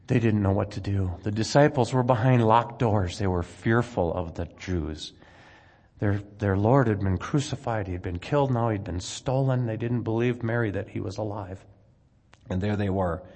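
A man preaching a sermon, earnestly retelling scripture with dramatic rises and drops in loudness. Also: lowish voice, slightly rough. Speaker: pastor. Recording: long hall reverb.

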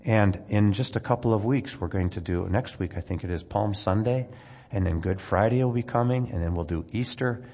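A man preaching a sermon, earnestly retelling scripture with dramatic rises and drops in loudness. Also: on the low side, moderate pace. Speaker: pastor. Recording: long hall reverb.

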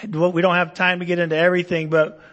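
A man's voice: sits high, little pitch movement, fast talker, fairly bright tone, big-room sound, dull audio. A man preaching a Bible-teaching sermon, explaining verses conversationally with asides and rhetorical questions. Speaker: pastor.

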